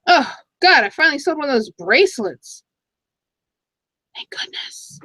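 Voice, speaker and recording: Chatty, excitable woman reseller vlogger. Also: high-pitched, unhurried, no echo, poor audio. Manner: chatty, excitable, talks to herself while browsing items. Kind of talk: casual haul vlog.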